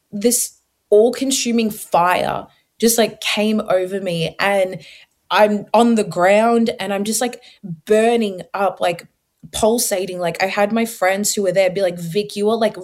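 A young woman, telling her personal faith story as an interview guest, lively and casual with many fillers, acting out her own past words. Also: mid-range voice. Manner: animated storyteller, acts out her past self in quotes; casual filler-heavy speech. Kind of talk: personal testimony in conversation.

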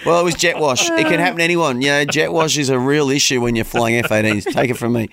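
A man co-hosting breakfast radio, cracking quick jokes. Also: medium pitch, expressive, vocal fry, a bit bright. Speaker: radio co-host. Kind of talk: casual breakfast radio chat.

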